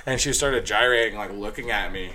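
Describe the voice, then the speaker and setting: Over crowd noise, a man with a fairly low voice briskly and casually tells a long story from his nightlife job. He's profane and rambling, full of fillers, and grows heated as he retells it.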